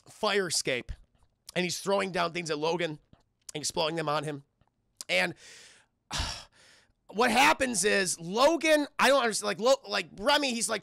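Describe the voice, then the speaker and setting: A man's voice: high-pitched, creaky, sharp tone, no echo, studio quality. A young man streaming a casual spoiler film review to his live chat, rambling and sarcastic, swearing freely.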